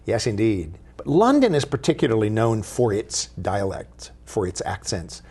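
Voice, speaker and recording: A man, guest host of a TV talk show, explaining history in a measured, professorial way. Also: fairly low pitch, very animated, darkish tone, slightly rough. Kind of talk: studio TV talk.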